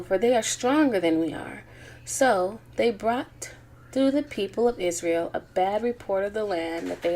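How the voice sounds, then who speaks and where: A woman reading scripture aloud in a calm, measured way. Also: medium pitch, a little hiss or hum, low-quality recording. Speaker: Bible reader.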